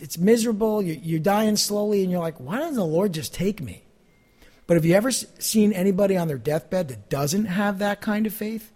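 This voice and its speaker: A man's voice: high-pitched, a little mellow. A man preaching a sermon to his congregation in a conversational, plain-spoken way, pushing up his voice on key phrases. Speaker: pastor.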